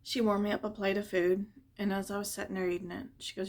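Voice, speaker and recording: Woman telling a story from her life, chatty and expressive, gets kinda wistful. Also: mid-range voice, fast. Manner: conversational and expressive, wistful when reflecting. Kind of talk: personal storytelling vlog.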